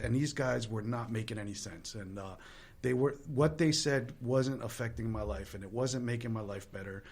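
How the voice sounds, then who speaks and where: A man's voice: medium pitch, moderate pace, creaky, a little mellow. A man telling his recovery story in a candid, earnest and self-deprecating way, with small restarts. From Latin American heritage. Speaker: guest sharing recovery story.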